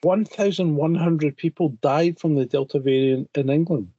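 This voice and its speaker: A man's voice: a little high, moderate pace, mellow, no echo, dull audio. A man co-hosting a casual podcast chat, blunt and teasing, swearing often. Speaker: podcast co-host.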